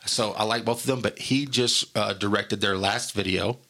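A man's voice: on the low side, steady tone, normal speed, pushed and bright. A man in casual podcast chat, rambling through stories, laughing often and acting out quotes. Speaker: guest telling stories.

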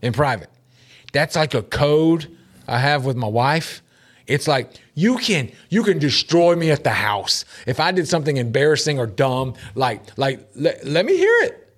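A middle-aged man co-hosting a casual talk show, animated and laughing often as he acts out quotes in shifting voices. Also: medium pitch, moderate pace. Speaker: podcast co-host. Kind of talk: casual chat.

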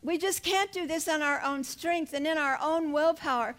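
An older woman delivers a sermon from scripture in a high, bright voice. She speaks earnestly and builds to fervent emphasis on key words. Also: normal speed. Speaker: pastor.

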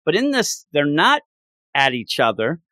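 A man co-hosting a casual manga chat, talking in animated, rambling runs full of restarts and fillers. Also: on the high side, measured pace, dry recording, clean studio sound. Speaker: podcast co-host.

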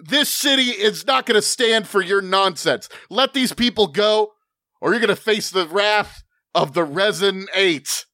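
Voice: mid-range voice, unhurried, sharp tone, dry recording, clean studio sound, pitched above the performer's own voice. A man voicing a bold young male superhero who declaims heroically. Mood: heroic.

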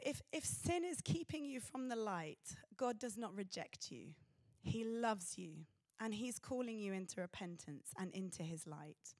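A woman preaching a sermon in an earnest, pausing way. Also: mid-range voice, dry recording, clean studio sound.

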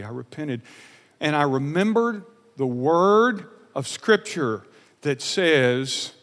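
A man preaching a sermon as a pastor, earnest and emotional, repeating phrases and swinging from loud emphasis to soft confession. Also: fairly high pitch, expressive, slow pace, long reverb tail.

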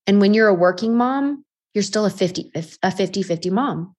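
A woman's voice: mid-range voice, darkish tone. A woman in her thirties giving a candid motivational talk as a life coach to other mothers, poking fun at herself and often asking rhetorical questions. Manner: candid, self-deprecating, frequent rhetorical questions. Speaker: life coach and podcast host.

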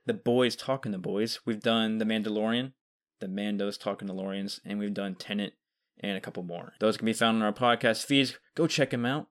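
A man's voice: on the low side, fairly quick. A man hosting a podcast, announcing awards in a matter-of-fact way. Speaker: podcast host presenting awards. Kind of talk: casual podcast chat.

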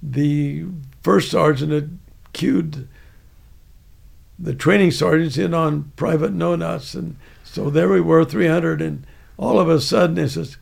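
Older man, very gravelly, husky voice, rambling storyteller, chuckling. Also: on the high side, unhurried. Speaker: veteran storyteller. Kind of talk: casual spoken anecdote.

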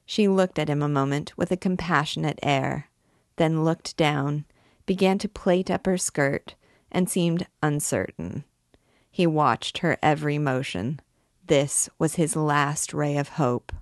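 A woman narrates a classic novel in a measured audiobook reading. Her voice is low and her pace is slow and deliberate. The recording is close and dry, with no room sound. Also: no room sound. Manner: measured, even storytelling.

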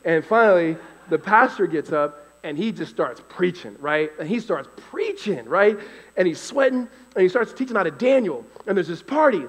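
Animated man telling a story in a hall. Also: high voice, moderate pace. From California. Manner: animated, acts out voices, laughs often. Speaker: storyteller giving a faith testimony. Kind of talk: live storytelling testimony.

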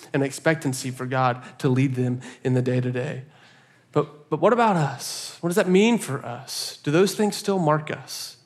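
A pastor preaching a sermon, telling a story in an animated way and laughing often. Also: male voice, medium pitch.

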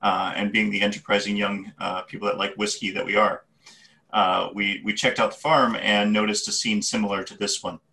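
A man playing a tabletop game, speaking haltingly in character. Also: on the low side, little pitch movement, vocal fry, sharp tone, distant mic. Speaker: player. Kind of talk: tabletop role-play.

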